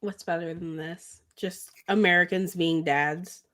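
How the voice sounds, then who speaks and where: A woman's voice: fairly low pitch, steady tone, a little slow, a bit bright. A woman co-hosting a podcast in casual chat, rambling and giggling and tripping over words. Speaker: podcast co-host.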